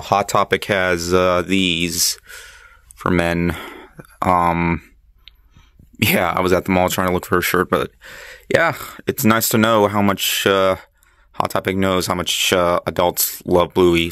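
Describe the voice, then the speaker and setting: A man's voice: low voice, a bit bright. A man chatting casually in a monthly vlog, rambling with lots of fillers and restarts. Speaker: vlogger.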